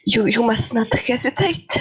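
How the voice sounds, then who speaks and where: A woman's voice: fairly high pitch, lively intonation, moderate pace, fairly bright tone, husky, full character voice, poor audio. A woman voicing a pompous old male communist book sprite who preaches solemnly and calls the listener "my dear", in a voice-chat role-play. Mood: preaching.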